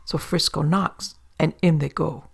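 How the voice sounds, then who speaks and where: A woman's voice: low-pitched, steady tone, unhurried, gravelly, slightly rough. A woman narrating a horror tale of the sea in a folksy sailor-yarn manner. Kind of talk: horror story reading.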